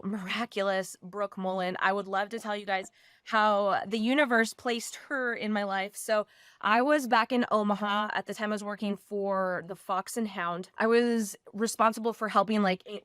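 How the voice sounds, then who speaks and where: A woman in her thirties co-hosting a podcast, telling a story in a gushing, animated way. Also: medium pitch, clear, resonant tone, dry recording, clean studio sound. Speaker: podcast co-host. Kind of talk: casual podcast chat.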